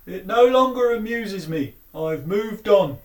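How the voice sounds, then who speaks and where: A dry, easily bored male cow puppet, voiced by a woman, with a deadpan manner and a lively, bouncing intonation. He trades matter-of-fact quips in a children's phonics lesson. The voice sits back from a distant mic. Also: medium pitch, unhurried, lightly acted. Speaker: puppet sidekick.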